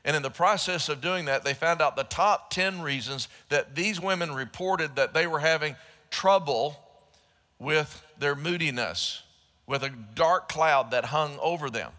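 Male pastor, mid-pitch, bright and forceful delivery, joking sermon style, live church hall reverb. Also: unhurried. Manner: joking with the congregation. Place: large church auditorium.

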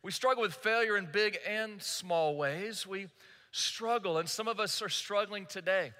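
A man's voice: high voice, a little slow, pushed and bright. A male pastor preaching a sermon, telling a story earnestly and speaking directly to the congregation. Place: church sanctuary. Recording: echoey church hall.

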